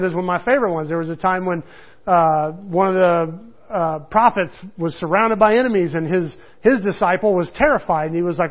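A man's voice: sits high, brisk. A middle-aged man teaching a casual Bible study, conversational, chuckling and acting out the quotes he tells. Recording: dull lo-fi recording.

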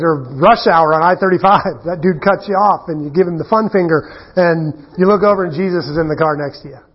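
A man preaching a sermon in a conversational, animated way, full of rhetorical questions. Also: a little high, husky, muffled recording. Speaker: pastor.

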